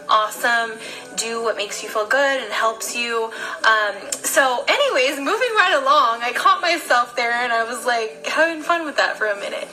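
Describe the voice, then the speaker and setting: Bubbly, bright-voiced woman vlogger. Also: sits high, low-quality recording. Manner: bubbly and chatty, gushing over products. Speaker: beauty vlogger. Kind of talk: casual makeup unboxing chat.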